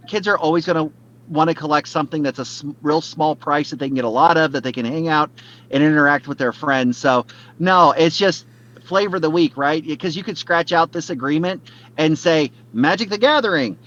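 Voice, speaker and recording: Podcast co-host, man, slightly high voice, rambling casual delivery, dull lo-fi sound. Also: moderate pace, fairly bright tone. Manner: rambling, lots of fillers and restarts. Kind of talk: casual chat.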